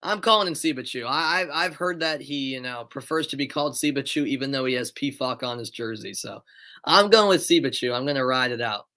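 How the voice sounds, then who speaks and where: A man's voice: mid-range voice, brisk, pushed and bright. A tired young man doing live amateur play-by-play of a football match, chatting with viewers between calls. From United States. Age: young adult. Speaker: play-by-play commentator.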